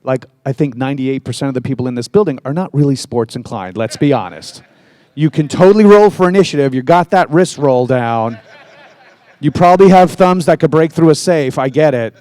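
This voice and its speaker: A man answering questions at a convention panel, joking and swearing in a loose, animated rant. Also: mid-range voice, a little fast, dry recording. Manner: profane, animated, jokey. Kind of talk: casual fan Q&A, rambling rant.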